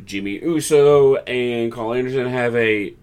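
A man's voice: medium pitch, a little slow, darkish tone, clear, resonant tone. A man casually recapping a wrestling show, breaking into mocking voices to quote the wrestlers. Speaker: podcast co-host.

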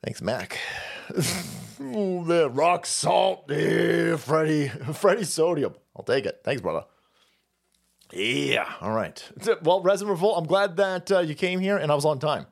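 A man's voice: fairly high pitch, lively intonation, a little slow, gravelly. A man in his forties hosting a livestream, delivering a profane, mocking comedic rant and laughing often. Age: 40s. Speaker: livestream host.

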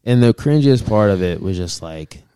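A man's voice: on the low side, expressive, moderate pace, dark tone, clear, resonant tone, dry recording, clean studio sound. A man as a podcast guest, telling dating stories in casual chat, laid-back and slangy, laughing often.

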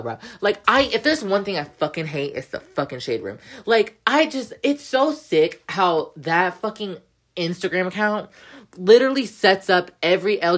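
A young woman hosting a solo podcast, ranting heatedly and profanely, filling every sentence with "like" and "bro.". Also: fairly low pitch. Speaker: podcast host. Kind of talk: casual solo podcast rant.

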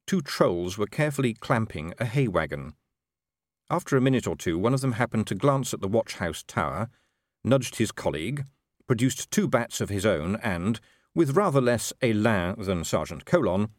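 Low, lively male audiobook narrator. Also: no echo, studio quality. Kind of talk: scripted narration.

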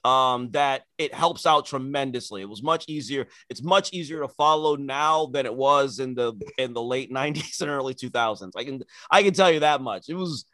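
A man co-hosting a casual talk show, chatting loosely and working himself up into loud, excited rants. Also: medium pitch, moderate pace, few pauses, no room sound. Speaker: podcast co-host. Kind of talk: casual chat.

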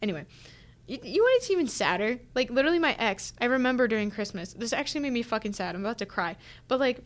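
High-voiced young woman chatting casually. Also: sing-song, quick pace. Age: 20s. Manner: rambling, sidetracked storytelling with frequent fillers and laughter. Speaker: podcast co-host. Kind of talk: casual chat.

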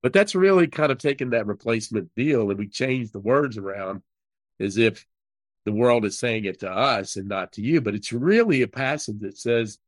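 A man speaking as an interview guest, telling a story earnestly with halting restarts. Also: medium pitch, expressive, no echo. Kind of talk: casual interview conversation.

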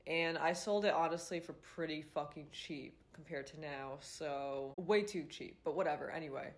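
Young woman podcaster, low voice, stuffy nasal sound, rambles w lots of likes and ums. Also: measured pace. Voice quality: congested, nasal. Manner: rambling, lots of "like" and "um", swears freely. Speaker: podcast host. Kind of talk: casual chat.

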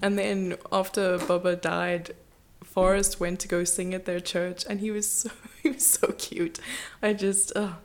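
A woman's voice: on the low side, level tone, measured pace, few pauses. A woman co-hosting a podcast in casual chat, laughing often as she talks. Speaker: podcast co-host.

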